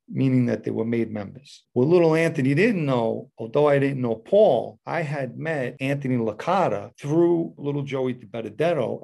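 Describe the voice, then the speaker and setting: A man's voice: medium pitch, creaky, darkish tone. A man recounting a personal story in a casual, matter-of-fact, street-talk manner. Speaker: former mob associate telling a story.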